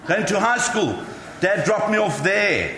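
A man's voice: high voice, big pitch swings, unhurried, over a noisy crowd. A male pastor preaching a sermon, telling chatty, self-mocking stories to the congregation. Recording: echoey hall with faint ambience.

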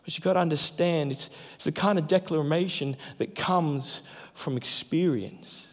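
A man, a pastor, preaching a sermon with emphatic delivery that slows down for key phrases. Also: a little high. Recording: long hall reverb.

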